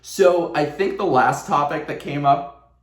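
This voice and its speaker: A man telling a casual storytime at home, animated and sarcastic, laughing often. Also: on the high side, a little slow. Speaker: vlogger. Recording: roomy echo.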